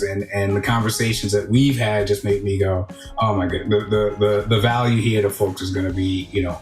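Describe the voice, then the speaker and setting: A man's voice: fairly low pitch, echoey room. A man hosting a casual conversation, chatty and thinking aloud with many restarts. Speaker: podcast host.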